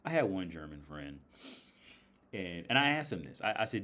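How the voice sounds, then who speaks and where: An American man talks in a loose, rambling livestream chat, full of swearing and laughs. His voice sits on the lower side. The delivery is casual and unscripted. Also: expressive, fairly quick, a bit bright. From United States. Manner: rambling, profane, laughs often. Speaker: livestream host.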